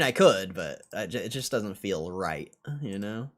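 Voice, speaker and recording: A young man chats on his stock livestream, answering viewers in a sarcastic, laid-back way. His voice sits a little low, and he swears freely and laughs often. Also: expressive, unhurried, a bit bright. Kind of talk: casual livestream chat reading comments.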